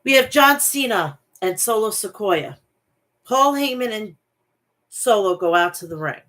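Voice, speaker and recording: A woman hosting a wrestling show, giving a brisk play-by-play recap and often correcting herself mid-word. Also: medium pitch, expressive, a bit bright.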